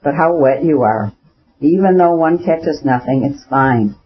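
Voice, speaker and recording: A man's voice: on the high side, lively intonation, measured pace. Earnest elder brother, educated and lecturing , read by a man; persuasive, dull lo-fi audio. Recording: dull lo-fi recording.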